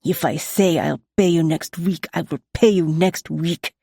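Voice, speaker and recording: A woman's voice: deep voice, a little slow, vocal fry, mellow, breathy edge, dry recording, studio quality, heavily acted. A woman voicing a young Russian-accented male gambler who speaks angrily through clenched teeth. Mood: defiant.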